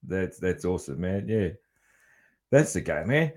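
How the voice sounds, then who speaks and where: A man's voice: low voice, sing-song, unhurried, darkish tone. An Australian man hosting a podcast, chatting casually and laughing easily between easygoing fillers. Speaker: podcast host. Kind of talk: casual interview chat.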